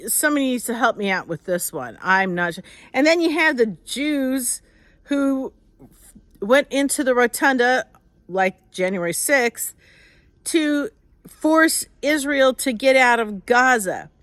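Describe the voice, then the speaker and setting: A woman's voice: high voice, expressive, unhurried, a bit bright, no echo. An older woman, an author, with a nasal voice, chatting casually on a live stream, rambling and greeting viewers by name.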